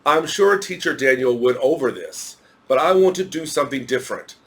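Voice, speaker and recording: A man's voice: medium pitch, expressive, normal speed. A man with an American accent teaching an English grammar lesson, explaining step by step and spelling words out letter by letter.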